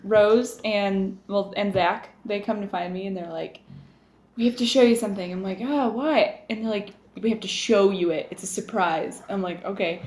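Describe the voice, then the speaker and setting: A woman co-hosting a podcast, telling a party story in a giggly, animated way and acting out what people said. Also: medium pitch, normal speed. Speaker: podcast co-host. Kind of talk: casual chat, storytelling. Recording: echoey room, faint noise.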